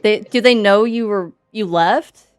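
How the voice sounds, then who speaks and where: A woman's voice: medium pitch, a little slow, clean tone, faint music behind. A woman speaking casually as a player at a tabletop game, trailing off mid-sentence. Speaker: player voicing her character. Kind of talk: tabletop role-play.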